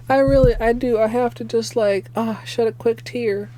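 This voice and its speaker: A young adult woman streamer chatting casually at home, excitable and given to swearing, teary-eyed and sniffling. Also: on the high side. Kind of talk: casual livestream chat.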